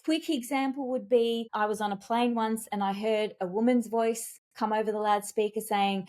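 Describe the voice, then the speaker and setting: A woman speaking as a communications expert and executive coach in a podcast interview, telling stories in an animated, emphatic way with big leaps in pitch. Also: moderate pace, few pauses. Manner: animated, emphatic storytelling with wide pitch jumps.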